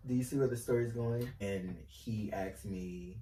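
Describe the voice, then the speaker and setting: A man from North Carolina co-hosting a casual discussion podcast, telling stories in an animated way with lively asides. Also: fairly low pitch, a little slow, few pauses, heavy background noise. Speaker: podcast co-host. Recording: roomy echo, mic at a distance.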